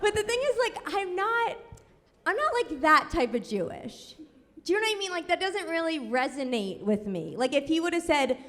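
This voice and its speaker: A woman's voice: extremely high pitch, very animated, a bit bright, a faint crowd. New York woman comic, self-mocking stand-up delivery, live room with noise behind. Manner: quick, sarcastic, self-deprecating. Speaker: stand-up comedian. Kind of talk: stand-up set. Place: comedy club stage, audience laughing. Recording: live club recording, long reverb, audible noise.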